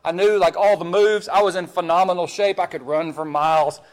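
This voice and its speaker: High-voiced, emphatic male preacher. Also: steady tone, brisk. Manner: emphatic, stammering repeats, swings between loud and hushed. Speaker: pastor. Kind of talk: sermon.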